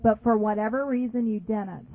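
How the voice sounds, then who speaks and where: A woman's voice: a little high, moderate pace. A woman preaching a sermon emphatically, repeating phrases and asking her listeners questions. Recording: dry, phone-like narrow sound.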